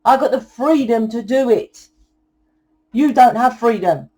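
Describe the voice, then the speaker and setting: A young woman giving a channeled tarot reading in a forceful, blunt lecturing way, swearing often. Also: fairly high pitch, a little slow. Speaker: tarot reader.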